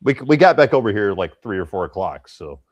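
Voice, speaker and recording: A man's voice: fairly low pitch, very animated, brisk, no echo, dull audio. A man from Tennessee, a guest in a casual chat, rambling, repeating words and swearing casually.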